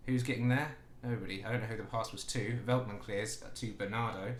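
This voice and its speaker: A man's voice: fairly low pitch, fairly even intonation, a little fast, reverberant, a little hiss or hum. A man casually commenting while he plays a football management game, chatty and swearing freely as he talks back to the game. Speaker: gaming YouTuber.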